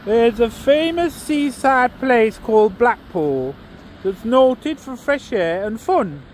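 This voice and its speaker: A man recites a comic poem aloud outdoors, slow and theatrical. His voice sits high, and he puts on a Lancashire accent. Faint street traffic hums behind him. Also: lively intonation, darkish tone. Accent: put-on Lancashire. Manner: storytelling, theatrical. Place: outdoors in a seaside town.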